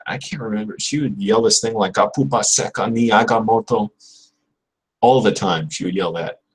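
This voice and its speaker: Husky low-voiced man studying aloud. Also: low-quality recording. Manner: drills verb conjugations aloud, repeating words slowly; rambling, self-correcting, chatty with viewers. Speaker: livestream host studying Spanish. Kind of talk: casual livestream, thinking aloud.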